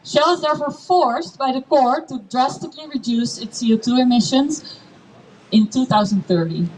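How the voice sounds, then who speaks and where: A woman's voice: sits high, normal speed, darkish tone. A woman giving a speech at an outdoor protest, building her points through emphatic repetition. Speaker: campaign speaker. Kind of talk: rally speech. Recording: distant mic with faint noise.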